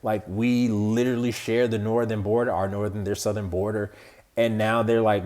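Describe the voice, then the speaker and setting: A man's voice: fairly low pitch, little pitch movement, normal speed, a little mellow. A man from the United States giving casual, exasperated political commentary as a podcast host, rambling with slang and frequent restarts.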